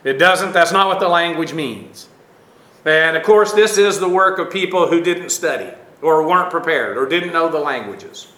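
A man teaching a Bible lesson, halting often with fillers and dry asides. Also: a little high, lively intonation, pushed and bright, reverberant.

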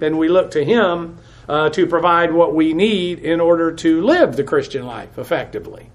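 A man teaching a Bible study, methodically explaining and spelling out Greek words with frequent hesitations. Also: a little high. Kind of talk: verse-by-verse Greek word study.

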